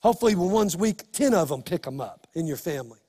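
A male pastor preaching an impassioned sermon, building to shouts. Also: fairly high pitch, big pitch swings, fast, husky, in a large hall.

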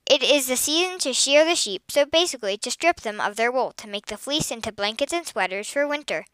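A woman voicing a bossy, quick-tempered young farm girl in a read-aloud story, sharp and impatient. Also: sits high, expressive, smooth, dry recording.

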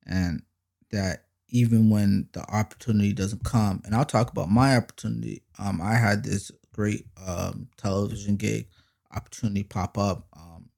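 A man hosting his own faith podcast, talking casually but preaching hard. He uses slang and fillers, and he swells louder and slower on lines of praise. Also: lowish voice, creaky. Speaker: podcast host. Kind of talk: faith-based podcast monologue.

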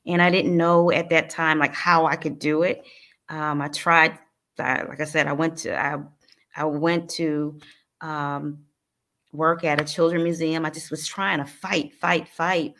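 A woman from New Jersey speaks as an interview guest in a low, fairly level voice. She recounts her personal story in an earnest, halting and emotional manner, with frequent restarts. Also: flat delivery, vocal fry, a bit bright. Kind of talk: personal life story in conversation.

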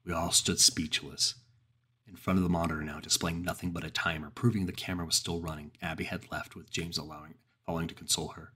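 A man narrating a horror story in the first person, slow and grave. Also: sits low, level tone, fairly bright tone, husky.

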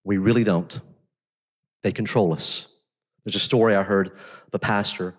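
A man preaching a sermon as pastor, talking conversationally and swinging between intense emphasis and quiet storytelling. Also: on the low side, steady tone, moderate pace, long reverb tail.

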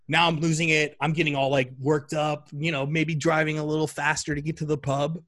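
A man telling a story in a casual chat, animated and full of fillers. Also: fairly high pitch, fairly quick, few pauses. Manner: animated, chatty, many fillers.

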